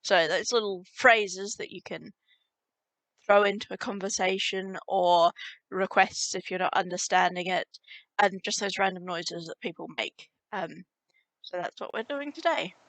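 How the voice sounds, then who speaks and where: A woman teaching a spoken language lesson casually, repeating example phrases slowly and clearly for learners to practise. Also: mid-range voice, a bit bright, no room sound.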